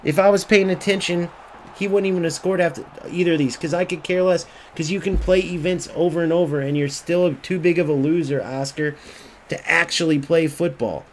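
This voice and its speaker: A brisk, somewhat high-pitched man can be heard over a little hiss or hum. He's a gaming YouTuber ranting furiously and profanely about his game, repeating lines and mocking the other players in a taunting voice when he quotes them.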